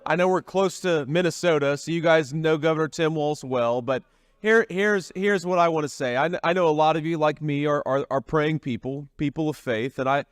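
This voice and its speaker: A man's voice: a little high, normal speed, smooth, no echo. Guy doing a campaign rally speech, folksy, lots of restarts, dry close sound. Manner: folksy, repetitive, with frequent restarts. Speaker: political candidate at a rally.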